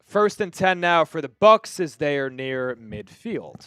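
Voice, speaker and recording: The host, a Long Island man, runs a live football watch-party stream where he calls plays, chats casually, and reads viewer messages aloud. He's very animated, a little slow, and on the high side, with a bit of brightness and a clear, resonant tone. The recording is dry and studio quality.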